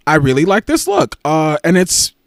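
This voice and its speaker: A man hosting a casual livestream, talking in a sassy, gushing way and hopping between topics. His voice sits a little high and swings widely up and down. The sound is dry and close, with no room around it. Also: wildly swooping pitch, moderate pace, creaky, no room sound. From United States. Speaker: livestream host.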